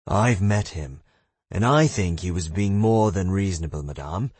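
Man reading stern blunt fighter, low husky voice, lecturing. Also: expressive, normal speed, darkish tone, no room sound.

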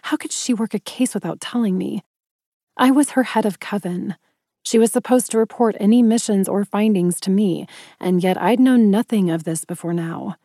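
A woman narrating first-person fiction in an audiobook, steady and even. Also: medium pitch, moderate pace, no room sound, clean studio sound.

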